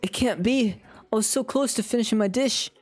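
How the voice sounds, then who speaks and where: Smug gloating rival chef girl in a dating sim, higher pitched, streamer doing the voice. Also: brisk, faint music behind, close to an everyday voice. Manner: haughty, gloating.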